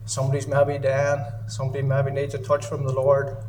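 A man's voice: medium pitch, completely flat delivery, fairly quick, recorded from a distance, noisy background. A man giving an earnest, emotional sermon in a church service, often repeating his phrases. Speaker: lay preacher.

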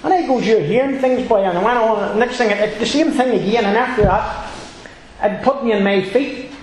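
In a very echoey hall, a high-pitched man gives an earnest, rambling personal testimony at a church meeting, circling back to the same phrases again and again. He speaks at a moderate pace, with a little hiss or hum on the recording.

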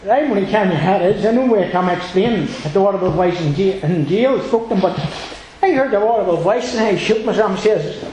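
A man's voice: high voice, expressive, brisk, crowd noise. A man giving an earnest, rambling personal testimony at a church meeting, circling back to the same phrases. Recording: very echoey room.

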